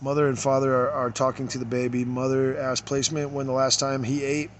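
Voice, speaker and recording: A man reading case notes aloud and commenting on them, halting, with many fillers, trailing off quietly at times. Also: mid-range voice, level tone, slight background noise.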